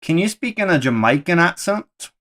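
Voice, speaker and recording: A man's voice: on the high side, big pitch swings, moderate pace, a bit bright. A man streaming live, playfully questioning an AI assistant in casual chat.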